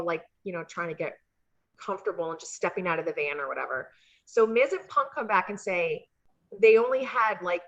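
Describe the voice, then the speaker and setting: A woman telling animated stories as an interview guest, slipping into high voices when she acts out what people said. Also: muffled recording. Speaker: interview guest, former wrestling valet. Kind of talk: casual storytelling interview.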